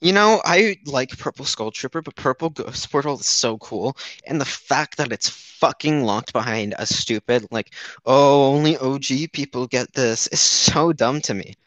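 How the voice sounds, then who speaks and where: A man's voice: mid-range voice, animated, normal speed, few pauses, sharp tone, dry recording. A young man co-hosting a casual gaming podcast, rambling with lots of "um" and restarts. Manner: rambling, many fillers and restarts. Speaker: podcast co-host.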